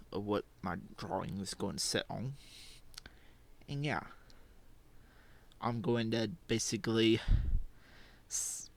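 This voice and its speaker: A teenage boy talking casually through a drawing session, rambling and self-deprecating, with lots of fillers and little laughs. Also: mid-range voice. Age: teens. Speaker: channel host. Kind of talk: casual drawing vlog commentary. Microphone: desk microphone.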